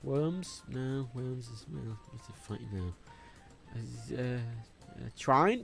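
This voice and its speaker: A man's voice: mid-range voice, lively intonation, takes it slowly, vocal fry, slightly rough. A young English man with a faint Liverpool twinge, rambling and swearing freely as he chats on a gaming livestream. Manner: rambling, swears freely, jumps between topics. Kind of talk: casual gaming livestream chat. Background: faint game music.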